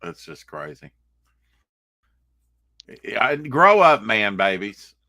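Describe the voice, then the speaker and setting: Low-voiced man in laid-back banter. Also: very animated, slow, sharp tone, no room sound. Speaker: stream co-host. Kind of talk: casual chat on a live stream.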